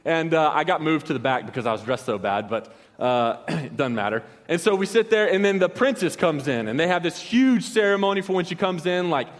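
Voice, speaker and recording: A man's voice: on the high side, animated, fairly quick, long reverb tail. A young man preaching, telling a story in a loose, slangy way with many restarts. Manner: casual, rambling, with slangy asides and many restarts. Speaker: pastor. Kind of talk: storytelling sermon.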